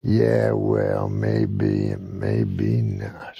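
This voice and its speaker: A belligerent heavyset customer, played by a man telling a joke, sneers and badgers in a rough, husky voice. The recording is dull and dry. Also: rumbling low, big pitch swings, extremely slow, dark tone, no room sound, voice pushed down, heavily acted.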